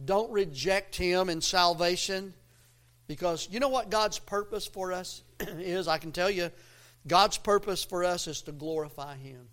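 A man preaching a sermon, swelling into loud emphatic lines and dropping low again, with a folksy, self-interrupting delivery. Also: clear, resonant tone. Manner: preaching with rising, emphatic swells and quiet drops. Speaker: pastor.

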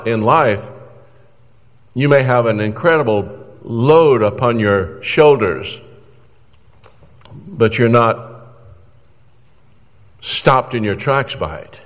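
A man's voice: medium pitch, big-room sound, highs cut off. A man preaching a sermon in an earnest, exhorting way, pleading with his listeners through questions.

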